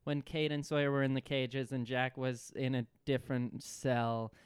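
A man co-hosting a podcast, recapping a TV series with dry, deadpan jokes. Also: medium pitch, normal speed, smooth, no echo. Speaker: podcast co-host. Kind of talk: casual TV recap chat.

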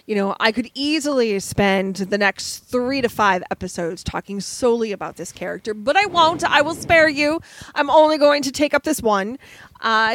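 A woman co-hosting a podcast, chattily recapping a story with quick asides. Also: on the high side, a bit bright, low-quality recording. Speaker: podcast co-host. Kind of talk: casual chat.

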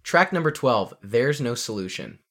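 A man's voice: mid-range voice, very animated, moderate pace, fairly bright tone. A man co-hosting a music podcast, talking in a laid-back way and laughing easily. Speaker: podcast co-host. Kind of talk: casual music podcast chat.

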